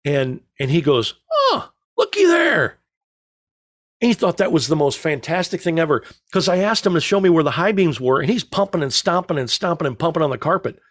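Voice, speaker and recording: A middle-aged man telling stories in casual chat as a podcast co-host, rambling and joking with a deadpan delivery. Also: a little high, quick pace, hardly any pauses, no echo, studio quality.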